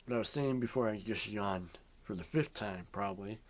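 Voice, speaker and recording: A man's voice: lowish voice, normal speed. Rambling young man in a bedroom vlog. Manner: rambling, drifting, many ums and yawns. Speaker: vlogger. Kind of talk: rambling casual vlog chat. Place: bedroom at home.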